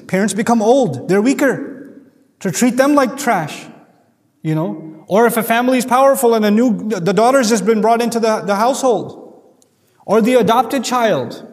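A man's voice: sits high, in a large hall. A man giving a Quran commentary lecture, earnest and emphatic, often repeating key phrases. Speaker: Quran teacher.

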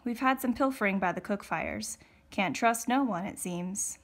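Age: young man. Figure: eager, chatty young soldier, read aloud by a woman. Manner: talkative, hollers when excited. Pitch: medium. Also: normal speed.

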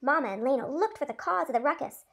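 High-pitched female teacher narrating a storybook with lively expression. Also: fast talker, creaky. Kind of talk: reading a story aloud.

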